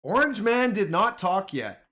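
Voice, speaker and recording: A man commenting on the stock market in a casual live stream, bantering with his viewers in slang. His delivery is unhurried, yet his voice swings widely between lows and highs. It sits somewhat high for a man. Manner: excitable, talks back to the chat with slang.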